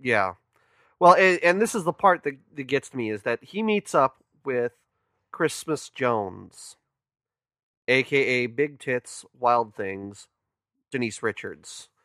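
A man's voice: medium pitch, animated, takes it slowly, sharp tone, no echo, clean studio sound. A man, a podcast co-host, casually recapping a movie in rambling talk full of restarts. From California. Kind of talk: casual movie-review chat.

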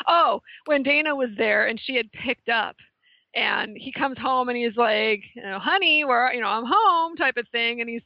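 A woman's voice: on the high side, dry recording. Chatty woman, slightly dull dry sound. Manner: chatty, laughs often, retells scenes with quoted voices. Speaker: podcast co-host. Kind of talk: casual movie discussion.

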